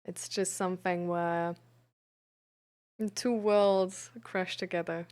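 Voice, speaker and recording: A woman's voice: lowish voice, flat delivery, slow pace, darkish tone, smooth. Frank, reflective woman streamer. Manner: frank, reflective, hesitant with many fillers. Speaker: streamer and peer support coach. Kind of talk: casual live-stream chat about mental health.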